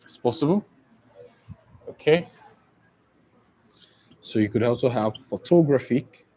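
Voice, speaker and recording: A male teacher who talks at a slow, deliberate pace. He spells out syllables letter by letter and keeps checking that his students follow him. His pitch sits in an ordinary middle range. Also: animated, mellow, slightly rough, low-quality recording. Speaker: English teacher. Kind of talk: exam-prep grammar lesson.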